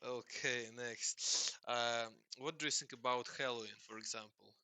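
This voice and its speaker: A man chatting casually with hesitant, halting speech full of fillers and repeats. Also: medium pitch, fairly even intonation, pushed and bright, clear, resonant tone, no echo. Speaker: host questioning a chatbot. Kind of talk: casual chat.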